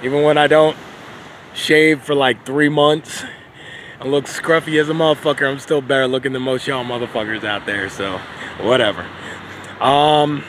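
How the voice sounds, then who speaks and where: A man rambles casually into his phone outdoors, swearing freely in an easy, laid-back way. His voice sits at a middling pitch. Faint traffic and outdoor noise hum behind him. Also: a bit bright. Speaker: video journal host. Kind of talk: casual video journal. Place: outdoors on a beach.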